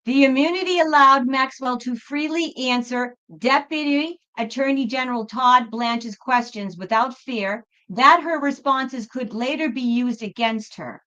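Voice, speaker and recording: A tarot reader talks casually to her livestream viewers about her readings, addressing them as folks and offering reassurance. She has a high, bright voice, and the lo-fi stream audio sounds a little dull.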